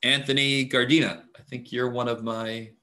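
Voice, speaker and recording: Casual male math instructor on a video call, mid-pitched, easygoing and filler-heavy. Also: moderate pace. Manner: relaxed, chatty, many fillers. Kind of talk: casual online class talk. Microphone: computer mic on video call.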